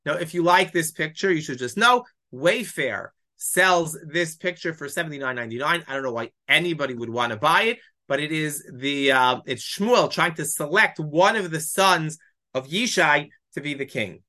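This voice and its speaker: Bright-voiced teacher explaining a text. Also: medium pitch, lively intonation, normal speed. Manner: explanatory, poses rhetorical questions, reads Hebrew verses aloud. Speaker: Bible teacher. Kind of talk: weekly text-study lesson.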